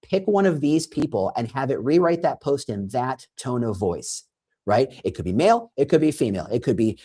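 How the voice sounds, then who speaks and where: A man speaking as a guest in an interview, animated, often restarting phrases and acting out little quotes. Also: mid-range voice, normal speed, husky. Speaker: guest expert on recruiting. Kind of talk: conversational interview.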